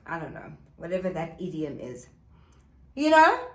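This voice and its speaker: A woman's voice: fairly low pitch, big pitch swings, moderate pace. A woman vlogger telling a gossip story while doing her makeup at home, chatty with dramatic asides to viewers. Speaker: beauty vlogger. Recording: echoey room.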